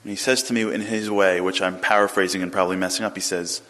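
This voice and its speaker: A man giving an inspirational talk, telling a story in an animated, dramatic way. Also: sits low, fast talker. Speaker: inspirational speaker. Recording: long hall reverb.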